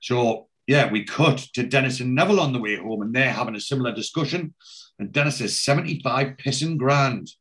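A man's voice: medium pitch, animated, fairly quick, a bit bright. A man chattily retelling a TV episode for a podcast, acting out the lines he quotes.

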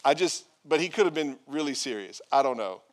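A man's voice: mid-range voice, expressive, brisk. A male pastor preaching a sermon, reading scripture aloud with playful asides and acted-out quotes.

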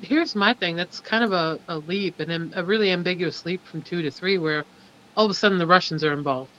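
A man's voice: high-pitched, fairly quick, fairly bright tone, lo-fi sound, slight background noise. A man in a casual podcast chat, talking bluntly and swearing freely.

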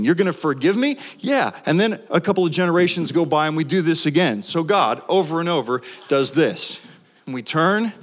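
Guy preaching a fired-up sermon, kinda high voice, long echo hanging in a big hall. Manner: impassioned, with sweeping pitch swings. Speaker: guest preacher.

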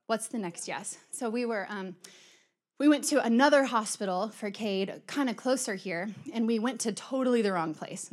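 A middle-aged woman giving a conversational sermon, chatty and storytelling, acting out quoted exchanges. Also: mid-range voice. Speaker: church speaker.

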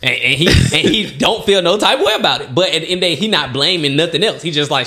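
A man co-hosting a laid-back podcast, speaking. His voice sits a touch high and swings freely as he tells stories. He acts out other people's lines and laughs often. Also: animated, quick pace, pushed and bright. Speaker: podcast co-host. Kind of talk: casual chat.

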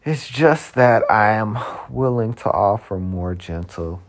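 A man's voice: fairly low pitch, animated, slow pace. A man hosting a podcast in a casual, rambling monologue, full of "you know" and with the odd curse. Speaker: podcast host.

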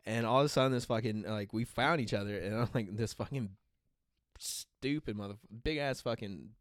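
A young man hosting a casual chat, telling animated stories full of swearing and acted-out quotes. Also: fairly low pitch, moderate pace, no echo, studio quality. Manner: animated storytelling, heavy swearing, acts out quotes. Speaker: podcast host.

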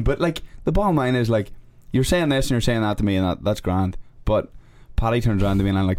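A man's voice: fairly low pitch, fast talker, few pauses. An Irish man, a guest on a podcast, telling stories in casual chat and swearing constantly. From Ireland. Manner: swears constantly, animated storytelling.

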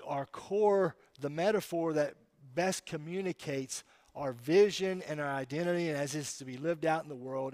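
A man preaching a sermon as pastor, emphatic, swinging from loud declarations to quiet asides. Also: fairly high pitch, no echo.

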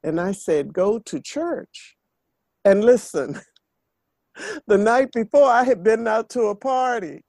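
A woman's voice: fairly high pitch, lively intonation, unhurried, a little mellow, dry recording. An older woman hosting a faith podcast, speaking in an earnest, repetitive preaching cadence. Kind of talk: spiritual talk monologue.

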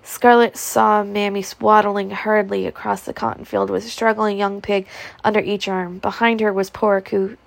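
A woman's voice: mid-range voice, level tone, moderate pace, gravelly, no echo. A woman reading a novel aloud as an amateur audiobook narrator, telling it steadily with small slips. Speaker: audiobook reader.

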